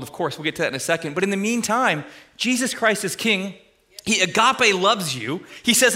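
A young male pastor giving a sermon in a loose, chatty manner, with a bright, forceful tone. His voice sits a little high for a man. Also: very animated, normal speed. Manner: casual, conversational preaching with many fillers.

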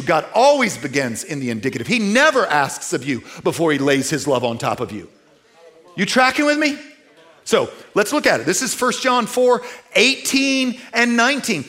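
Animated, high-voiced male preacher. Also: measured pace. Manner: animated, conversational, rhetorical questions to the audience. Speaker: pastor. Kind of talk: sermon.

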